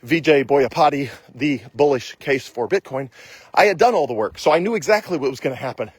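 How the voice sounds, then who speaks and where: A man's voice: mid-range voice, expressive, brisk, slightly rough, no echo. A man speaking in a casual monologue, emphatic and repetitive, acting out imagined questions and answers to make his point. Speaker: state legislator and investor.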